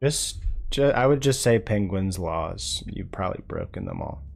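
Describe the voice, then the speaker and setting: A man's voice: low-pitched, lively intonation, normal speed, gravelly, faint music behind. A man streaming live, chatting casually in a laid-back, rambling way with frequent chuckles. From North Carolina.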